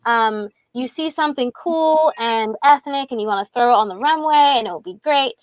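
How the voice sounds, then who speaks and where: A woman's voice: on the high side, normal speed, dry recording. A woman speaking as a panelist with a fashion design background on a video call, explaining steadily and articulately.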